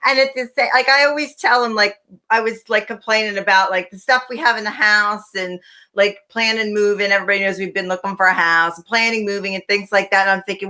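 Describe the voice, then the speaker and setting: A woman's voice: medium pitch, a little fast, sharp tone. A woman co-hosting a podcast, talking chattily and rambling, with lots of "like". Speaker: co-host. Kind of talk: casual podcast chat.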